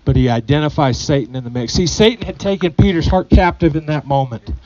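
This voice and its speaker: A man's voice: fairly high pitch, brisk, darkish tone, no echo, dull audio. A man preaching a sermon to his congregation, earnest, often repeating phrases and putting questions to the people. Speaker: pastor.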